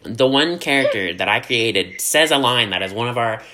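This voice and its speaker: A man's voice: medium pitch, animated, normal speed, pushed and bright. A man co-hosting a casual podcast chat, telling stories with a lot of trailing off and restarting. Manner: chatty storyteller, trails off and restarts. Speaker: podcast co-host.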